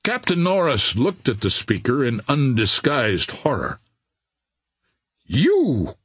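This audiobook narrator is a man whose voice sits at medium pitch with a husky texture. He tells the story in a measured yet expressive way, recorded close up with no audible room.

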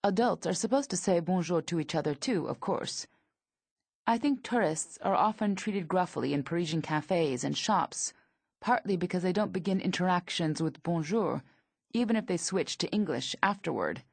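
A woman in her thirties narrating her memoir in a dry, observational manner, with a husky, gravelly voice. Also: on the low side, lively intonation, moderate pace, darkish tone, no room sound. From United States.

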